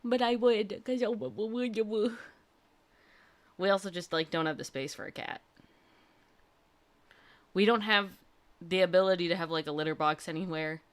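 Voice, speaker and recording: A woman's voice: mid-range voice, moderate pace, long pauses. A young woman hosting a livestream, chatting casually and gushing through a personal story with lots of fillers. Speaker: livestream host.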